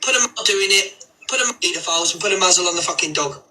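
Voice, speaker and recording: Guy ranting on a live, swearing a lot, super bright sharp voice, bit high. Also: quick pace, low-quality recording. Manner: angry, sweary, repetitive. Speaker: livestreamer. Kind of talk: heated livestream rant.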